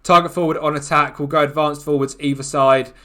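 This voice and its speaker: Excitable man commentating a game. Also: on the high side, brisk. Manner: excitable, groans and shouts at the match. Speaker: gaming YouTuber. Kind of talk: football management game commentary.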